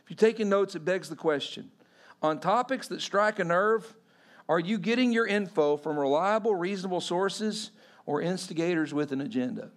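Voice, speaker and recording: A pastor giving a sermon in a conversational way, often quizzing the congregation. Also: male voice, sits high.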